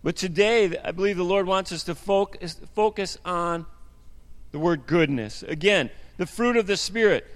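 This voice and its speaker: Pastor guy with a scratchy cold voice, kinda high, big hall echo. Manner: earnest, halting, restarts phrases. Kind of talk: sermon with prayer. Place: church sanctuary. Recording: long hall reverb.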